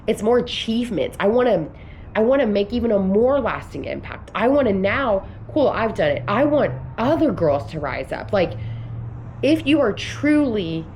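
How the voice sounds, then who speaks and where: A woman's voice: medium pitch, a little hiss or hum. A woman in her thirties vlogging, talking in an earnest, emphatic way that rambles with restarts as she coaches on business and belief. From United States. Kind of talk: casual motivational vlog talk.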